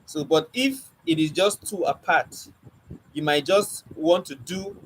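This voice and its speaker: A man teaches a spoken word poetry class, speaking in quick bursts with a stammer, drilling points and quizzing his students. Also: a little high, a little hiss or hum, poor audio. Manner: animated teacher, asks the class questions and drills points by repeating them. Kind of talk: live online class lecture.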